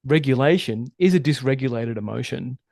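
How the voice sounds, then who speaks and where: A man talking as a relationship coach in a podcast interview, animated and emphatic, swearing freely. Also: medium pitch, a little fast, gravelly, dry recording, studio quality. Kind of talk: casual interview conversation.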